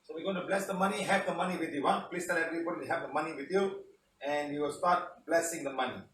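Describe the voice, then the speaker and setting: A man's voice: a little high, quick pace, fairly bright tone, echoey room, far from the mic, slight background noise, rough recording. A man teaching a live online healing session under a studio spotlight, chatty and often repeating "okay, guys".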